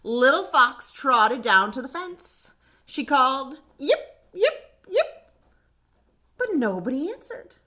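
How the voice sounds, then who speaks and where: Woman, children's librarian, reading picture book aloud, bright tone, expressive. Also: sits high. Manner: gentle, expressive storytime reading.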